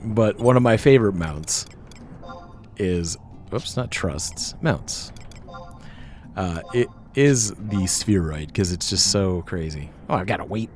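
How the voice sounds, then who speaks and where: A man's voice: deep voice, takes it slowly, darkish tone, a little hiss or hum. An American man hosting a let's play, chatting casually over gameplay and laughing easily. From United States. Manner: chatty, giggly and easily amused.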